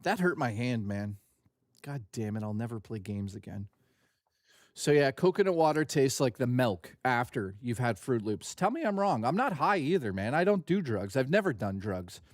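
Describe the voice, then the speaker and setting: A man hosting a live reaction stream, joking loudly, swearing and rambling crudely at a desk mic. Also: mid-range voice, sing-song, moderate pace, no room sound, studio quality.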